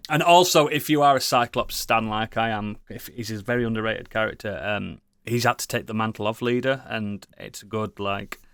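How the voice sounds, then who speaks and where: A man's voice: lowish voice, normal speed, few pauses, fairly bright tone, clean tone, no room sound. A British man co-hosting a casual podcast, rambling enthusiastically with lots of swearing and restarts. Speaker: podcast co-host. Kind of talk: casual chat.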